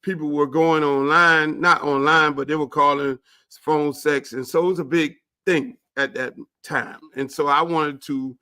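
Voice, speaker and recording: A man hosting his show, telling a story in a casual, animated, profane way. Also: on the high side, measured pace. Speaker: show host.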